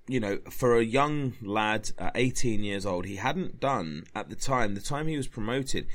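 A man, a historian, talking casually about history, with lots of fillers and restarts. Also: lowish voice. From England. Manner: rambling, many fillers and restarts.

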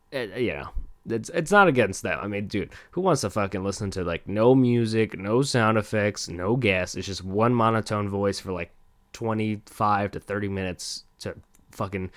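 Host: young man, deep voice, dry close mic, loose and rambling. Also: no room sound. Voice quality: rambling, self-deprecating, swears a lot. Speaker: podcast host. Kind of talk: casual solo podcast rambling. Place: home desk. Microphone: close desk mic.

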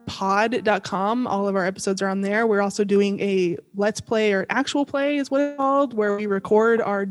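A woman's voice: medium pitch, steady tone, normal speed, few pauses. A young woman chatting as a podcast guest, bubbly and giggly, with lots of fillers. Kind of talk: casual chat.

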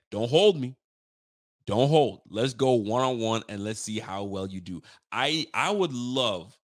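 Animated, foul-mouthed sports talk man. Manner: animated, profane trash talk; pitch swings up when fired up. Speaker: sports talk show host. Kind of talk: casual sports talk livestream.

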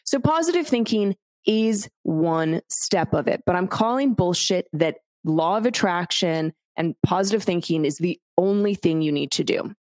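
A woman's voice: fairly low pitch, lively intonation, normal speed, darkish tone, no echo, clean studio sound. A woman hosting a solo podcast, talking bluntly and candidly to the listener with casual swearing. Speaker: podcast host.

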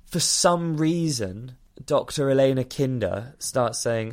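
A man's voice: medium pitch, expressive, slow pace, hardly any pauses, darkish tone. A man casually recapping a film plot on a podcast, rambling, laughing and swearing freely. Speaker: podcast co-host.

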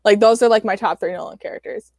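A woman's voice: mid-range voice, fast talker, a little mellow, no echo, studio quality. A young woman co-hosting a podcast in casual chat, bubbly, laughing often and filling her talk with "like". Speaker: podcast co-host.

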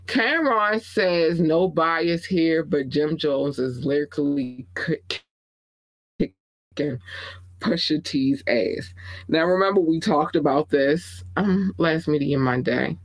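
A woman's voice: low-pitched, slow pace, poor audio. A woman hosting a podcast, giving casual entertainment news commentary and reading viewer comments aloud in a candid, opinionated, blunt and profane way. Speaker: podcast host.

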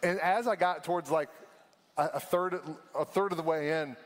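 A man, preaching a sermon in a casual storytelling way that slows down for emphasis. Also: a little high, in a large hall. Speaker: pastor.

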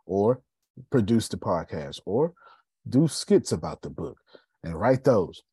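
A man hosting a casual podcast conversation, animated and preachy, dropping low and quiet for emphasis. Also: slow pace, breathy edge, no echo. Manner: animated, preachy, drops pitch and volume for emphasis. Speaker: podcast host.

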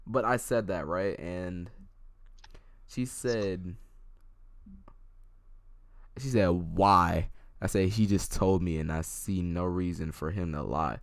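A young man with a very deep, low voice rambles through a story in casual chat, restarting his sentences and voicing both sides of an argument. He sounds close and completely dry, with no room sound at all. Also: slow pace, pauses often, no room sound. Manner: rambling, restarts often, acts out both sides of text exchanges.

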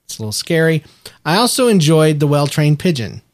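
A man's voice: a little high, very animated, fairly quick, no echo, studio quality. A man co-hosting a casual podcast, speaking in an earnest, reflective way. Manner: earnest, reflective, talks about faith. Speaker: podcast co-host. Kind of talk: casual chat.

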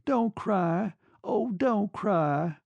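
A man reading a novel aloud and voicing a lovesick young woman who speaks slowly and pleads softly. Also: high voice, lively intonation, vocal fry, dry recording, highs cut off, pitched above the performer's own voice, heavily acted. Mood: pleading. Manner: slow, pleading, soft.

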